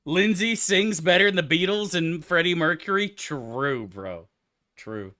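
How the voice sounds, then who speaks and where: A man's voice: on the high side, animated, measured pace, bright, forceful tone. A man streaming a game, answering his chat in loose, profane, rambling banter. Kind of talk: casual livestream chat, answering chat.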